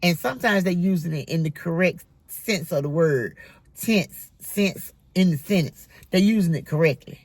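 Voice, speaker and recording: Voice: mid-range voice, lively intonation, normal speed, no room sound. A middle-aged school bus driver delivering a scolding, emphatic monologue about rude children. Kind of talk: casual monologue vlog.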